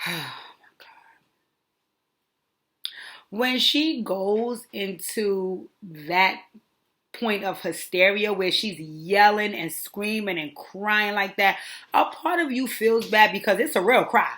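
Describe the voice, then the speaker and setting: A woman giving a casual, gossipy recap commentary, animated and full of dismissive asides. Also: medium pitch, takes it slowly. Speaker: reality show commentator.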